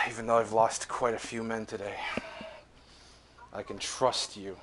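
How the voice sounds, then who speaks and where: A man voicing a stern, weary human lord in a tabletop game, speaking gravely and bluntly. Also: on the low side, flat delivery, measured pace, heavy background noise, close to an everyday voice.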